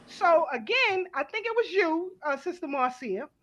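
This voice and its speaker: A middle-aged woman, hosting a casual panel talk, blunt and animated, swearing freely. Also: very high-pitched, moderate pace. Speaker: host.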